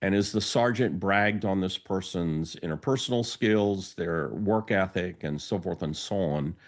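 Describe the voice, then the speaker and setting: In a low, unhurried voice, a male podcast host tells an anecdote as a storytelling monologue. He acts out the quoted lines of each person in the tale.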